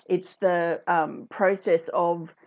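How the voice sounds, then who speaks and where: A woman's voice: on the low side, fairly even intonation, slow, muffled recording. A woman hosting a casual talk, chatting to viewers and reading out their comments. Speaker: host.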